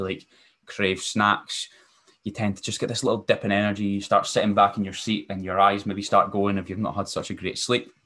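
Male podcast host, fairly low voice, easygoing rambling delivery with ums and restarts. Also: a bit bright. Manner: casual, rambling, frequent fillers and self-corrections. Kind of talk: solo podcast talk.

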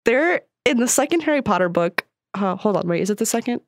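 An emphatic woman co-hosts a casual podcast, swearing when she feels strongly. Her voice swings widely up and down in pitch, and she is recorded close and dry. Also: animated, brisk, no echo. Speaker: podcast co-host. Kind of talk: casual chat.

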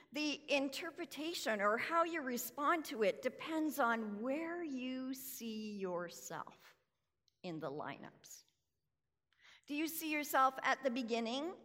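Slow, lively woman preacher in a hall. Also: fairly high pitch. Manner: slow, deliberate, rhetorical questions. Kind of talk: sermon. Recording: reverberant hall.

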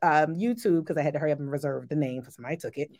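A woman's voice: sits low, rapid-fire, a little mellow. A woman co-hosting a live show, emotional and laughing often as she talks. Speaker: co-host. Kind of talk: casual live show chat.

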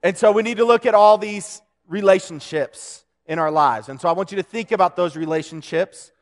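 A man's voice: high-pitched, fairly quick. A man preaching a casual, conversational sermon to a young audience, joking with them and restarting his sentences.

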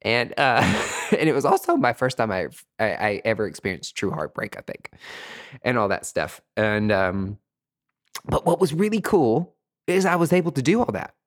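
A man's voice: medium pitch, big pitch swings, normal speed. Campy, chatty man telling stories. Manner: campy, chatty, profane, calls listeners sweetie. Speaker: podcast host. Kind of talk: casual storytelling monologue.

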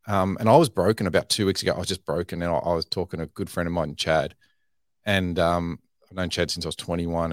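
A man's voice: low voice, dry recording, studio quality. A man in his thirties, a podcast guest, telling frank, self-deprecating stories in casual talk and often restarting his phrases. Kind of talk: candid conversational storytelling.

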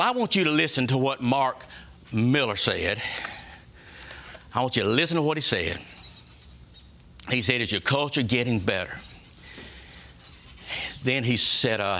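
A man's voice: mid-range voice, sharp tone. A man giving a folksy, emphatic motivational talk to his staff, repeating key phrases and asking the room questions. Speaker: workplace leader giving a culture talk.

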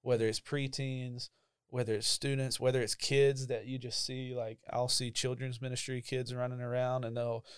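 With a medium-pitched, smooth, level voice at a moderate pace, a young church ministry staff member recounts his call to ministry. He tells it casually and emotionally with lots of fillers, in clean studio audio free of room sound.

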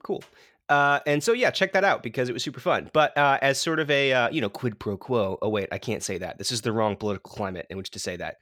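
A podcast co-host chats casually, joking and laughing often. His mid-range voice is fairly bright and he talks fast, captured in a dry, clean studio recording.

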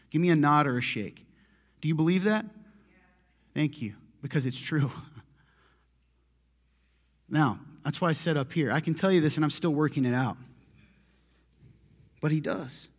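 A man preaching a conversational sermon as a pastor, telling stories in a lively, self-deprecating way and often laughing. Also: on the high side.

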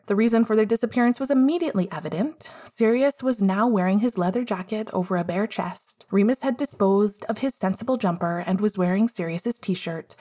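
A woman narrating a fan fiction story aloud in an expressive, measured way. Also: mid-range voice, husky. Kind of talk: fan fiction audiobook reading.

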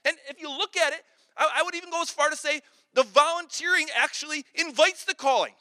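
A man's voice: extremely high pitch, fairly quick, bright, forceful tone. A man preaching a sermon in an earnest, storytelling way, repeating words when he gets going. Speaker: pastor. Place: large hall with an audience. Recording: long hall reverb.

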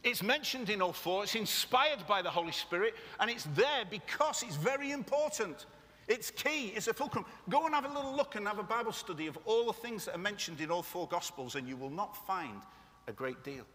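A man's voice: sits high, animated, a little fast, bright, forceful tone. A man preaching a sermon to a congregation, passionate and conversational, with joking asides to the room. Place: church meeting room. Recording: echoey hall.

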